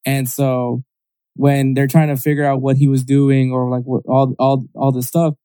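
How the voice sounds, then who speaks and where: Mellow man rambling through a story. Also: mid-range voice, monotone, moderate pace, clear, resonant tone, no room sound. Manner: rambling storytelling with many fillers and restarts. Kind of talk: casual chat.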